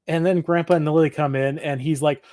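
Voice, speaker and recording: A man's voice: on the high side, fairly even intonation, brisk, darkish tone, no room sound, clean studio sound. A man co-hosting a podcast, recapping an episode in casual chat, laughing often and acting out the characters' lines. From Michigan. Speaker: podcast co-host.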